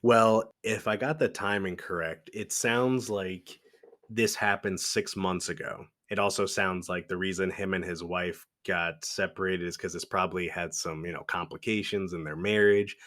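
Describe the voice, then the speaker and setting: A man's voice: sits low, steady tone, normal speed, a bit bright. A man co-hosting a podcast in casual movie-review chat, laid-back and laughing often, full of "dude" and "like.". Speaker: podcast co-host.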